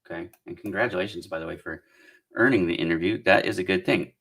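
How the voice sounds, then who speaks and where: Gravelly, bright-toned middle-aged man. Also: low voice, fast. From Southern California. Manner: chatty and encouraging, thinks aloud while reading comments. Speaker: career coach hosting a live Q&A. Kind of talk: casual live-stream Q&A.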